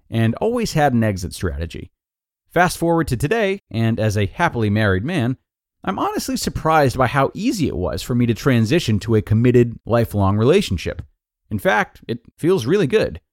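Male podcast host and narrator, animated reading voice, dry close-miked sound. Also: medium pitch, dry recording. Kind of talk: reading a blog post aloud.

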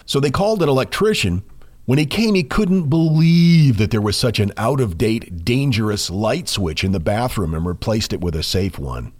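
A man co-hosting a podcast, telling a ghost story in a measured way with dramatic pauses. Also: lowish voice, darkish tone. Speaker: podcast co-host.

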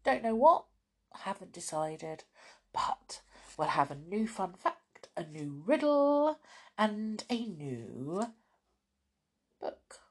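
A woman hosting a children's story podcast, reading storybooks aloud in an expressive, chatty way with soft asides. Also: medium pitch, slow pace, long pauses, husky.

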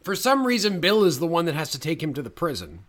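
A man's voice: a little high, wildly swooping pitch, fast, fairly bright tone. A man co-hosting a podcast, chatting casually about a movie with jokes, fillers and restarts. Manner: joking, rambling, many filler restarts. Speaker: podcast co-host. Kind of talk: casual movie-discussion chat.

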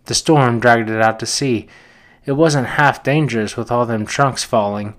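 An anxious chubby schoolboy in spectacles, voiced by a man reading a storybook. He chatters eagerly and keeps asking worried questions, in a voice pitched at a man's middle range. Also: unhurried, natural voice.

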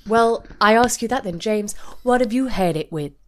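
A woman co-hosting a casual podcast chat, teasing and quick to laugh. Her pitch swings widely as she talks. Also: lively intonation. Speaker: podcast co-host.

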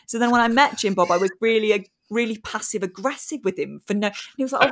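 A woman's voice: a little high, fast, few pauses, fairly bright tone. An English woman in her forties, a comedian telling funny stories in casual chat and laughing often. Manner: chatty storyteller, laughs often. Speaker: comedian guest.

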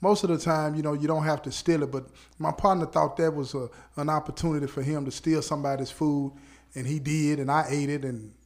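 Animated man spinning a casual story. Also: on the high side, a little fast. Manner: animated, laughs often, peppers speech with "you know what I'm saying". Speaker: podcast host.

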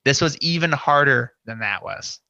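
A man's voice: medium pitch, lively intonation, normal speed, creaky, bright, forceful tone, no room sound, dull audio. A man guesting on a podcast, telling a story casually with lots of "you know" and acted-out inner quotes. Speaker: podcast guest, scare actor.

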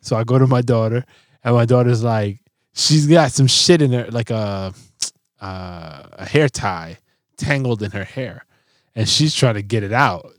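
A middle-aged man spins a loose, profane story about his kids in a relaxed chat. He acts out the quotes as he goes. His voice sits at a middle pitch and is recorded close, with no room sound. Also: measured pace, no room sound. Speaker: podcast co-host.

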